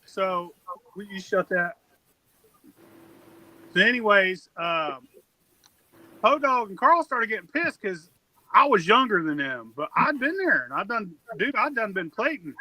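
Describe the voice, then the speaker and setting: High, very bright male podcast host, crude rambling storyteller. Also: very animated, measured pace, pauses often, dry recording, poor audio. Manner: rambling, profane, drawling Southern storyteller. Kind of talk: casual profane storytelling.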